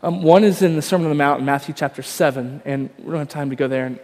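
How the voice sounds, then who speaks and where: A man's voice: on the high side, steady tone, quick pace, a little mellow, big-room sound. A man, probably in his thirties, preaching a sermon in a conversational, self-deprecating storytelling way with frequent fillers. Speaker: pastor.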